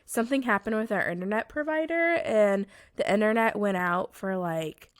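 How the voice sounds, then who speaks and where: A woman with a mid-range voice and lively intonation co-hosts a gaming podcast, chatty, bubbly, and quick to laugh in casual conversation. A cold has left her sick and hoarse, and there's no echo.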